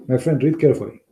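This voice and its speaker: Hoarse, emphatic man with a dark voice. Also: medium pitch. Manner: emphatic, scornful, non-native grammar. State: hoarse, losing his voice. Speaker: online Christian debater. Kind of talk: polemical talk to a live audience.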